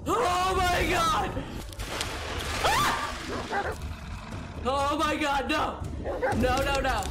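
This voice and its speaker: A woman's voice: high voice, very animated, drawn-out words, pauses often, noisy background. A woman streamer playing a horror game, jumpy and nervous, gasping, shrieking and giggling at the scares. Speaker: gaming streamer. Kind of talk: let's play commentary.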